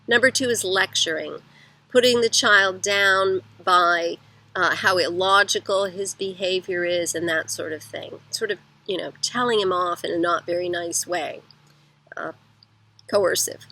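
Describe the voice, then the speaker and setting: A woman's voice: fairly low pitch, unhurried, bright, forceful tone, low-quality recording. A middle-aged woman giving parenting advice in a conversational teaching talk, going through her points one by one.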